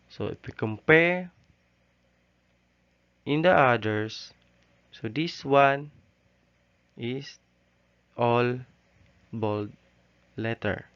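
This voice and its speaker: A male teacher giving a recorded lesson, halting often with "okay" and "so". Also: medium pitch. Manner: slow, halting delivery with frequent "okay" and "so". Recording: dull, lo-fi recording.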